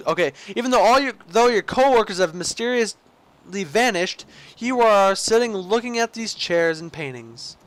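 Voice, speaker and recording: A man's voice: sits high, lively intonation, moderate pace, fairly bright tone. A young man playing a game and reading its narration aloud himself, goofy and rambling, with slips and restarts. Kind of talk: let's play commentary, reading the game's narration aloud.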